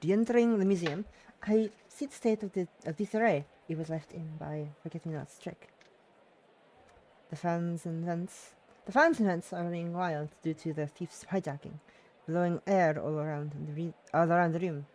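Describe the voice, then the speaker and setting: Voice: medium pitch, moderate pace, darkish tone. Chatty streamer reading a visual novel aloud. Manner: chatty, self-mocking, laughs often; tries out character voices.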